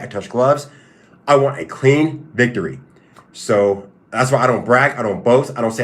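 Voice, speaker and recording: A man's voice: mid-range voice, moderate pace. Stop-start man chatting on a livestream. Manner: repetitive, stop-start, emphatic. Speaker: livestream host and fighter. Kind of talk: casual livestream commentary, answering chat.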